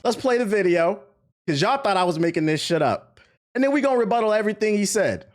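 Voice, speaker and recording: A man's voice: high voice, quick pace, soft background music. A young man, ranting in casual, profane stream commentary. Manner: animated, slangy, profane rant. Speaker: streamer and content creator.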